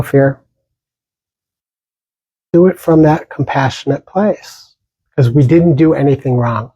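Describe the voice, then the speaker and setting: A man giving a dharma talk as a meditation teacher, speaking gently with pauses and small restarts. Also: medium pitch, slightly rough, no echo, low-quality recording.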